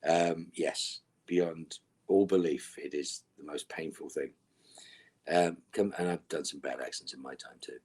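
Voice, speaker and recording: A middle-aged man answering fan questions in a virtual Q&A panel over a video call. He is dry and wry, and often trails off into soft, mumbled asides. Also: very deep voice, fairly even intonation, measured pace, breathy edge.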